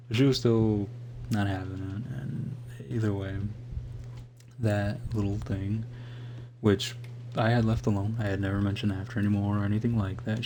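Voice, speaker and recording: A man's voice: fairly low pitch, gravelly. A young man on a live stream telling a long personal story in a casual, rambling way, swearing often and restarting his sentences. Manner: rambling, profane, full of "like" and restarts. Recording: steady background hum.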